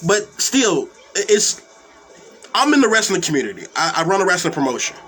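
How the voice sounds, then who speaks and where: A man's voice: sits high, big pitch swings, a little fast, a bit bright, breathy edge. A young man hosting a wrestling talk stream, ranting angrily with a lot of cursing and repeated, stumbling words. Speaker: wrestling commentary host. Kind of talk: profane live-stream rant.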